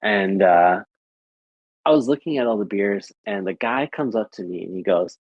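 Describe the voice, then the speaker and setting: Young American male streamer, casual and rambling, husky and low. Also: moderate pace, no room sound, narrow, tinny audio. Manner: rambling, repeats filler phrases. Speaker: livestreamer chatting with viewers. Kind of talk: casual chat.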